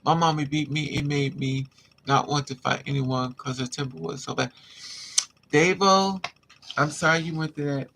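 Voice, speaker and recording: A man's voice: a little high, fairly even intonation, normal speed, gravelly, a bit bright, a little hiss or hum. A man livestreaming, telling a candid personal story in an emphatic, casual way and calling his listeners honey and child. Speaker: livestream host.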